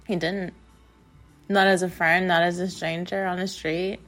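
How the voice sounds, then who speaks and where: A woman's voice: on the low side, steady tone, moderate pace, fairly bright tone, faint music behind. Young woman rambling through a confessional vlog, lots of likes and you knows. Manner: rambling, many fillers. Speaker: vlogger. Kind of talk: confessional casual monologue.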